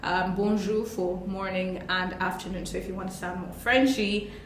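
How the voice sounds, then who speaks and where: A woman's voice: fairly low pitch, fairly even intonation, moderate pace, roomy sound, slight background noise. A woman co-hosting a casual French lesson, chatty and playful, laughing as she explains. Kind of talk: casual bilingual lesson chat.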